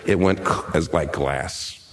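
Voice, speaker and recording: A man preaching a sermon, conversational and emphatic, with pitch that swings up and down as he stresses his points. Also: a little slow. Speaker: pastor.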